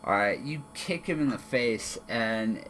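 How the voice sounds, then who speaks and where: A man narrating as game master of a tabletop game, relaxed, with many fillers and restarts. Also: medium pitch, measured pace, a loud crowd. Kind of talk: narrating a tabletop game over an online call.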